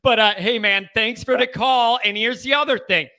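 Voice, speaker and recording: A man hosting a call-in sports talk show, animated, joking and opinionated with callers. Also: extremely high pitch, moderate pace. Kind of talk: casual call-in chat.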